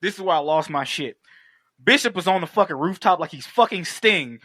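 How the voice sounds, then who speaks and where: Brief: bright, animated man, profane recap chat, dry close sound, voices for the scenes. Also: a little high, a little fast, no room sound. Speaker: podcast co-host. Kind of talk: casual film recap chat.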